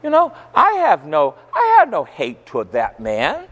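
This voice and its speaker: A male Catholic priest preaching a sermon, telling stories emphatically and rising to forceful outbursts. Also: on the high side, wildly swooping pitch, a little slow. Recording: long church hall reverb.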